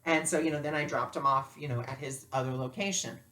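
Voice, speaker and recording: A woman teaching spiritual lessons through personal stories, animated and acting out dialogue. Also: rumbling low, fast talker. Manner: animated, acts out dialogue with lively voices. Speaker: spiritual teacher and life coach. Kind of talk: storytelling lesson.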